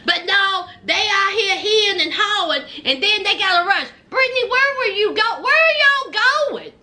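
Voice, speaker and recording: Her voice is extremely high, expressive and sharp, at a normal speed. Recapping a reality show, she chats in slang, sassily addresses the cast directly, and talks to viewers as y'all.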